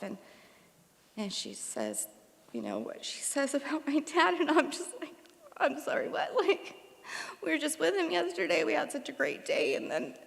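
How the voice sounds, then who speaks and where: A woman's voice: medium pitch, vocal fry. A woman in her forties giving an emotional, rambling eulogy for her father, with many fillers. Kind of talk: memorial tribute speech. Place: concert hall. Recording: long hall reverb.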